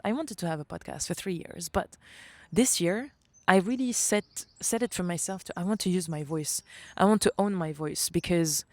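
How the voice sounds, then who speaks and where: Low-voiced French woman, animated podcaster. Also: dry recording. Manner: animated, swears often, slips into French phrases. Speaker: podcast host. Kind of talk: reflective solo podcast monologue.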